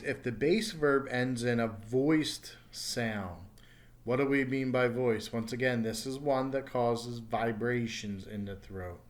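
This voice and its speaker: A man teaching English pronunciation to learners at an unhurried pace. He leans on each sound and repeats words so students can follow, and his voice sits at an ordinary middle pitch. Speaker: ESL teacher. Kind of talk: recorded pronunciation lesson.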